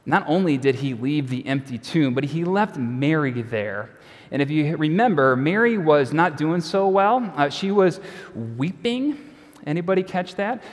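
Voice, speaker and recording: Conversational pastor preaching in a reverberant hall. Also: male voice, a little high, lively intonation, unhurried. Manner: conversational and wry, with quiet trailing endings. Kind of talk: sermon. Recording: long reverb of a large hall.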